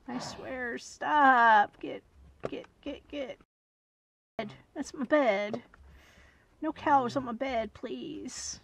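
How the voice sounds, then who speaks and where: Woman gamer, higher voice with a gravelly edge, muttering commentary that breaks into loud scolding. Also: a little slow. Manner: mutters and whispers to herself, scolds animals in loud bursts. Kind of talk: gameplay commentary.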